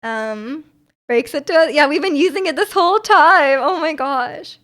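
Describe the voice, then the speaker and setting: Young woman streamer with a high voice and a slightly sore throat, rambling and chatty with viewers. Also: animated, measured pace, fairly bright tone. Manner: chatty, rambling, frequent ums and restarts. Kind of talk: casual chat reading viewer comments.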